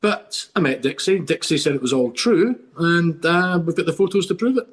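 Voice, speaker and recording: This Scotsman, middle-aged and guesting on a laid-back podcast, has a slightly high voice and a moderate pace. His storytelling is long-winded and eager, full of false starts.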